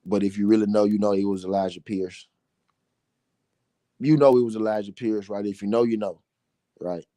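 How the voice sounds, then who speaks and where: Blunt, profane Southern boxing talk host. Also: male voice, lowish voice, fairly even intonation, normal speed, dark tone, no room sound. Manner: blunt, repetitive, heated and profane. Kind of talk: profane solo boxing commentary.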